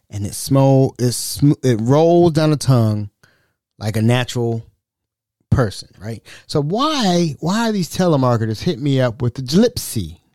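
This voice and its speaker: Guy ranting on his podcast, super lively up-and-down voice, dry close sound, keeps repeating himself. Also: no echo. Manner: animated ranting, repeats words, mocks callers in high voices. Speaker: podcast host. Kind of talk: casual podcast monologue.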